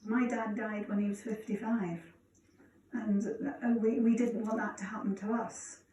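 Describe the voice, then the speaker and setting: A woman's voice: medium pitch, a little slow. A Scottish retired teacher in her sixties speaking earnestly in an interview. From Scotland. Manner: plain, earnest, even. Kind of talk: reflective interview. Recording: echoey, distant, faint background noise.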